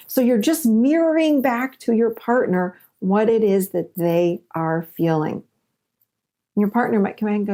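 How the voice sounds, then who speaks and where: A woman's voice: mid-range voice, expressive, moderate pace, creaky, mellow. A woman coaching listeners on relationships in an earnest teaching monologue, repeating points for emphasis and acting out sample dialogues.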